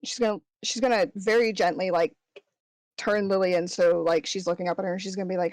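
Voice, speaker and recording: A woman's voice: lowish voice, steady tone, a little fast, a little mellow, no room sound, low-quality recording. A woman player describing her character's actions in a casual tabletop game, cursing freely. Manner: swears freely and laughs easily. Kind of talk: casual tabletop role-play narration.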